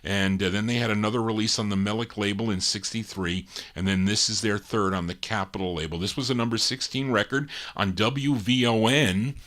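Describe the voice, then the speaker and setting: A man hosting a live show of old soul records, chatting casually, pausing to recall names and details. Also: on the low side, steady tone, a bit bright. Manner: unhurried, pauses to recall names, fillers. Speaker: radio-style show host and DJ.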